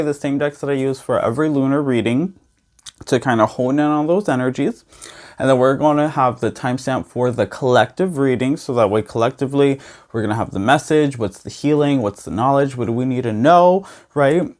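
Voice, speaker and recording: A man's voice: mid-range voice, darkish tone. Chatty man with a slight lisp. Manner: bubbly, keeps saying "you guys" and "okay". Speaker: tarot reader. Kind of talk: chatty tarot vlog.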